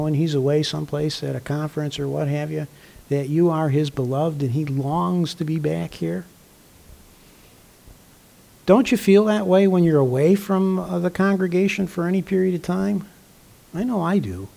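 Older man preaching, clearing his throat. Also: a little high, mellow. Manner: conversational preaching with frequent throat clearing and fillers. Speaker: pastor. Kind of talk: sermon.

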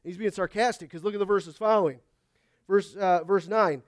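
A man's voice: high voice, steady tone, moderate pace, no room sound, clean studio sound. A man, a pastor, preaching a conversational sermon at a church service, reading scripture aloud and often asking the congregation "Amen?". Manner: reads scripture aloud in old biblical wording.

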